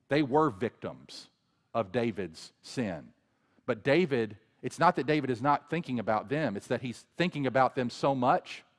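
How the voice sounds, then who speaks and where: A man preaching a sermon as pastor, earnestly, rising loud on impassioned passages and falling low and quiet. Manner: earnest preaching, swelling loud when voicing a plea, then dropping low and quiet. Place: church sanctuary. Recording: long reverb of a church hall.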